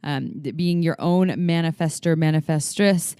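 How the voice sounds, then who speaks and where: An enthusiastic woman co-hosts a podcast, upbeat and quick to laugh. Her voice sits fairly low for a woman. It is recorded dry, with no room sound. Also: dark tone, clean tone, no room sound. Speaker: podcast co-host. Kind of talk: casual chat.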